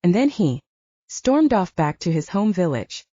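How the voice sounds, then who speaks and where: A woman narrating a first-person audiobook in an animated storytelling manner. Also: lowish voice, a little slow, dry recording. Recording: dull lo-fi dry recording.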